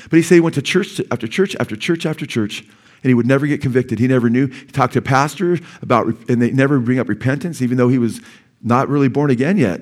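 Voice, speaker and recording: Earnest male pastor preaching a sermon. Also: mid-range voice. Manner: earnest, urgent preaching with sudden emphatic rises. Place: church sanctuary.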